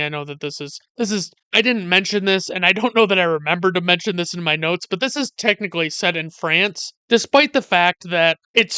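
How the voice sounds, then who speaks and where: A man recaps a film in a casual, sarcastic review with a bright, forceful voice. His speech is very crisp and clean, recorded dry and close with no room sound. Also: high voice, no room sound. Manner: chatty, wry and sarcastic, with digressions and many "like" fillers. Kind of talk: casual narrated movie review.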